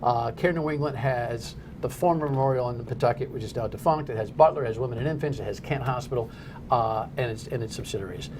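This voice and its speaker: A middle-aged New Jersey man hosts a talk radio show, talking fast in a blunt, rambling way, and his pitch jumps up whenever he gets worked up. Background noise is audible.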